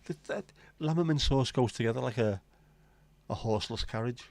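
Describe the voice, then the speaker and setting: A man hosts a casual livestream, reading viewer comments as he rambles, jokes, and swears offhandedly. His medium-pitched voice is brisk and darkish, with some vocal fry.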